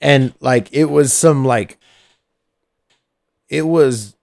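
A man's voice: mid-range voice, drawn-out words, vocal fry, pauses often, darkish tone. A man co-hosting a casual radio show, telling a story with plenty of swearing and laughing mid-sentence. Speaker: co-host.

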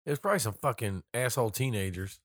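A man's voice: medium pitch, lively intonation, fast. A man co-hosting a casual chat, blunt and skeptical, swearing freely and riffing jokes. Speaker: podcast co-host.

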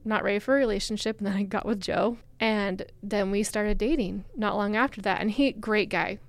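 A young woman recounts her story as a guest, chatty and full of "like" fillers. Her voice is smooth and clear, with a middle pitch. The sound is dry and close, with no room in it. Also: no room sound. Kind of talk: casual storytelling.

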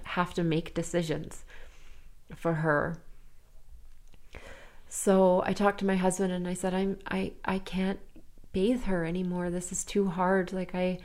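Woman, 30s, guest; earnest, halting personal storytelling, fairly low voice. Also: a little mellow. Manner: earnest, halting, with nervous laughs. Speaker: podcast guest.

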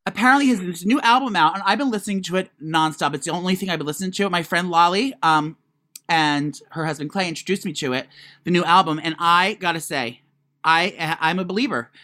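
A man co-hosting a podcast, chatting and gossiping in an animated way, stammering and swearing, with lots of fillers. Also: high voice, a little fast. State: congested, has to blow his nose. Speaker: podcast co-host. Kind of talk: casual gossip chat.

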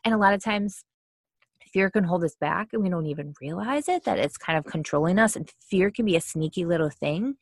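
A woman with a lowish voice talks casually about mindsets, leaning on fillers like "kinda" and slipping into little acted complaints. The sound is close and dry, with no room around it. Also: expressive, brisk, no echo. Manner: chatty, many fillers, acts out quoted complaints. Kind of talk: casual explanatory talk.

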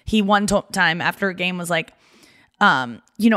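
A woman's voice: medium pitch, fairly quick, a bit bright. A woman co-hosting a podcast, chatting casually and telling stories with lots of "like" fillers. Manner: chatty storyteller, many "like" fillers. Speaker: podcast co-host. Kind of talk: casual chat.

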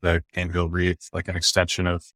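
A man's voice: sits low, monotone, quick pace, fairly bright tone, no echo, clean studio sound. A man from the American Midwest, a photographer, talking casually as a podcast guest with hesitant restarts. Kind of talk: casual interview talk.

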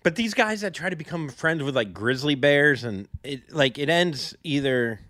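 Rambling man with a lively voice. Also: a little high, no room sound. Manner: rambling, halting, with many ums and likes. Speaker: podcast co-host. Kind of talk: casual comedic chat.

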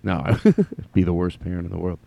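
A man hosting his own podcast, telling a rambling, self-deprecating comic story with halting restarts. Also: deep voice, big pitch swings, creaky, warm tone, no echo. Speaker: podcast host.

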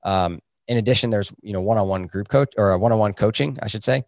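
A physician who founded a coaching program answers podcast interview questions fast, in a fairly low, gravelly voice. He is earnest and reflective, using many fillers, and the clean studio recording has no room sound.

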